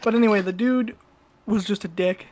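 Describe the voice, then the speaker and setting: A woman's voice: mid-range voice, moderate pace, a little hiss or hum. Blunt, foul-mouthed woman telling a story. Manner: profane, blunt and animated. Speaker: podcast co-host. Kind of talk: casual storytelling.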